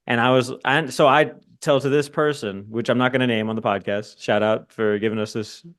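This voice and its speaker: Rambling, profane podcast host. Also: male voice, mid-range voice, fairly even intonation, brisk, fairly bright tone. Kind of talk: casual sports podcast chat. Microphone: podcast microphone.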